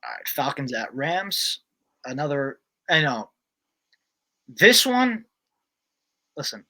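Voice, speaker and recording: Man, bright forceful voice, co-host, casual sports chat, brisk, decisive. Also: fairly high pitch. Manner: brisk, decisive, runs the game list.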